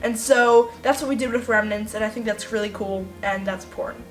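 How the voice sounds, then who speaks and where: A woman's voice: mid-range voice, fairly even intonation, brisk. A woman writer reflects thoughtfully on her character in a behind-the-scenes interview. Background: faint music.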